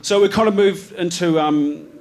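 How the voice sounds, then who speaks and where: This high-pitched, slightly mellow male voice moves at a moderate pace. He's a photographer from New Zealand, speaking with the local accent as he walks a live audience through his slides at an event venue, rambling loosely with plenty of ums, slang and false starts.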